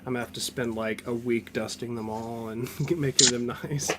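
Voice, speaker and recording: A man's voice: medium pitch, steady tone, moderate pace, a crowd in the background. A man chatting on a live stream in an easygoing, rambling way, filling his sentences with "like". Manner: easygoing, rambling, lots of likes. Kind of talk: casual chat on a live stream.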